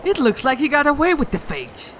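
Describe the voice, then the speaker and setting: Man, let's play host; joking commentary, lively pitch, faint noise behind. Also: a little fast. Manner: wry, joking. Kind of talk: gameplay commentary.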